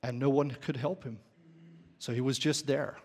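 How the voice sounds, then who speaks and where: A man's voice: medium pitch, steady tone, moderate pace. A man preaching a sermon, often asking the congregation questions. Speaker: pastor. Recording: long hall reverb.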